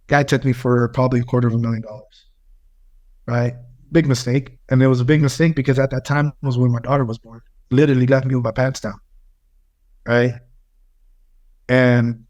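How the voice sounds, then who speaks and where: A man's voice: mid-range voice, dull audio. A man, a podcast guest in his thirties, telling a personal story in casual chat, emotional and swearing often. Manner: emotional, heavy swearing, animated retelling.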